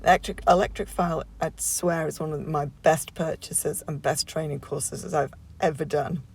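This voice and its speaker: A woman's voice: low-pitched, fairly even intonation, normal speed, vocal fry, breathy edge. A woman talking through a home nail tutorial as a casual voiceover, chatty and rambling, with plenty of fillers and restarts.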